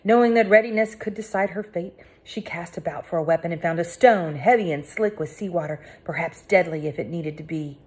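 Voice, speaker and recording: A woman reading a first-person audiobook aloud with dramatic, tense delivery that drops to hushed tones. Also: fairly low pitch, a little fast, few pauses. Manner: dramatic, swinging between hushed and cried out. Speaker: audiobook narrator.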